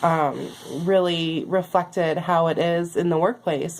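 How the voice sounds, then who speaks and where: A young adult woman student giving a recorded class reflection, earnest and halting with many pauses, losing her voice. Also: fairly low pitch, fairly even intonation, darkish tone.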